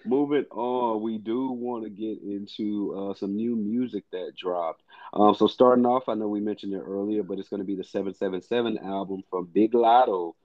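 A man's voice: on the low side, steady tone, normal speed, muffled recording. A man co-hosting a casual music podcast, blunt, profane and emphatic. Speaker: podcast co-host.

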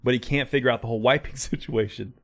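A man's voice: medium pitch, fairly even intonation, fast. A man in his thirties co-hosting a podcast, talking in a rambling, casual way about his kids. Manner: rambling, acts out his kids' voices. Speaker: podcast co-host. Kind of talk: casual chat.

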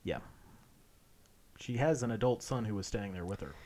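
A man's voice: fairly low pitch, lively intonation, normal speed, dark tone. A man in his thirties co-hosting a podcast, telling stories in a rambling way with lots of fillers. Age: 30s. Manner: rambling storytelling with many fillers. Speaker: podcast co-host. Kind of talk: casual chat.

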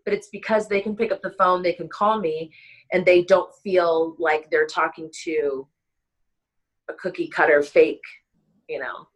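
A middle-aged woman recounting a hard memory in a relaxed interview, her fairly low voice halting and full of restarts. She sounds emotional but keeps going, circling back over her words as she talks. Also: poor audio. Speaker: wedding planner, guest. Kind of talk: casual interview storytelling.

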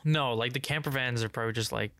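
A young man co-hosting a casual podcast, rambling with lots of "like" and restarts while explaining things he's excited about. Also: mid-range voice, fast, dry recording. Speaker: podcast co-host. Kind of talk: casual chat.

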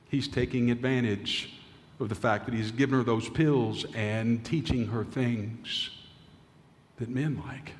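A man preaching in a church, telling a story with a slightly raised voice. He slows down and falls to near whispers at the tender moments. His words trail off into the long reverb of a large sanctuary. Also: a little high. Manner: dramatic storyteller, drops to hushed tones. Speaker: pastor. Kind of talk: sermon storytelling.

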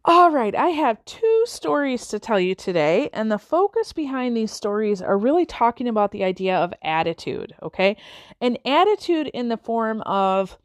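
A woman's voice: a little high, sing-song, moderate pace, dry recording, clean studio sound. A woman hosting a podcast, telling a parable as part of a casual motivational talk and checking in with listeners. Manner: conversational, checks in with listeners with "okay?" and "right?". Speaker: podcast host.

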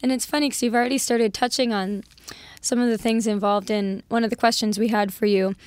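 A woman's voice: on the high side, fairly even intonation, fairly quick, darkish tone, clean tone, no room sound. A woman host asking curious, friendly interview questions. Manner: curious, friendly, laughs often.

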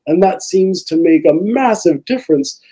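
A man's voice: high voice, lively intonation, normal speed, warm tone, husky, poor audio. A man in casual podcast conversation, talking earnestly and profanely, rambling with lots of "like".

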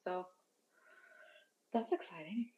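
A woman's voice: fairly low pitch, slow pace, warm tone, highs cut off. A woman co-hosting a podcast in casual chat, rambling with fillers as she shares news. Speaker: podcast co-host.

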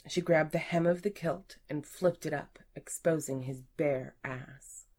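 A woman narrating an erotic audiobook in a slow, breathy, intimate way that often falls to a whisper. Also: sits low, darkish tone.

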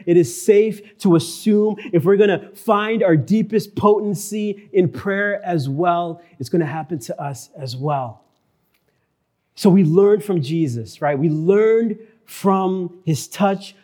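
A male pastor preaching a sermon in church, earnest, repeating key phrases and slowing down for emphasis. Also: sits high, warm tone.

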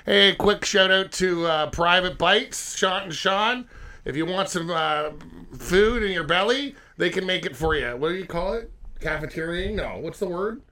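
A man co-hosting a casual beer-tasting podcast, rowdy and joking, talking fast after chugging a beer. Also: high-pitched. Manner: rowdy, joking, bursts into wrestler-style yelling. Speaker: podcast co-host.

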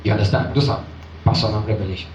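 Animated pastor, in a roomy hall. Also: male voice, rapid-fire, slight background noise. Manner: animated storyteller acting out voices, jumping high for excited women. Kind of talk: storytelling sermon. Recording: roomy, distant and dull.

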